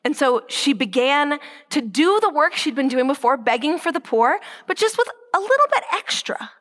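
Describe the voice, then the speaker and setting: Lively storytelling marks this inspirational talk by a high-voiced Catholic speaker. When something matters, she slows her delivery right down, and she sometimes sinks into a quiet whisper for emphasis.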